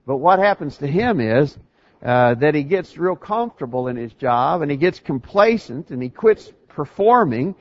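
A man's voice: a little high, very animated, moderate pace, dull audio. A man preaching a sermon in an earnest, emphatic way, often restarting his phrases.

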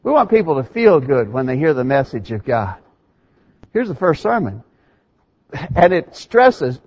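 A man preaching a sermon in an emphatic, animated way, his voice swinging widely in pitch as he stresses each point. His tone is somewhat husky, and the recording sounds dull and lo-fi.

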